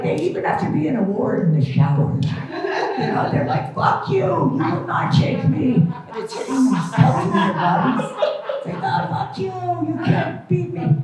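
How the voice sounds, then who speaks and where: A woman's voice: lowish voice, dark tone, a little hiss or hum. A middle-aged woman performing a stand-up comedy set at a club, self-deprecating and wry. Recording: echoey, distant, muffled room recording.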